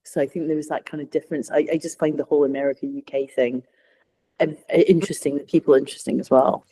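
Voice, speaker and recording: A woman's voice: low voice, steady tone, quick pace, mellow, slight background noise. A Scottish woman co-hosting a podcast, chatting casually and telling anecdotes with frequent laughter. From Scotland. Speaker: podcast co-host. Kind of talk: casual chat.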